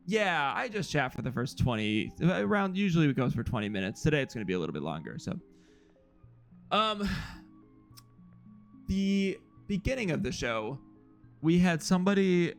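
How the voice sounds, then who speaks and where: A man's voice: fairly high pitch, big pitch swings, normal speed, pauses often, soft background music. A man streamer chatting casually and rambling through a story with frequent chuckles.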